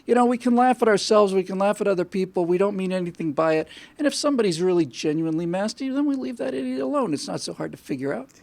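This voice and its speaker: A man's voice: sits high, lively intonation, fast, vocal fry, a little mellow, dry recording. A man hosting a commentary show, chatting in a wry, joking way and often restarting his sentences. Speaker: show host. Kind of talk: commentary and studio banter.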